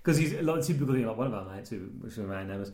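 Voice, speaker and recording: A man recapping a TV series in casual chat, animated and acting out the characters' lines. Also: mid-range voice, rapid-fire. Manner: animated storytelling, acts out lines. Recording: roomy, echoey room.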